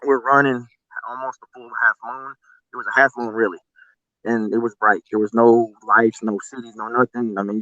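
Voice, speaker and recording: A man's voice: mid-range voice, a bit bright, dry recording, dull audio. A man telling a long story casually, cursing freely and acting out what people said. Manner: profane, rambling, quotes people as he goes. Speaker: guest telling an encounter story.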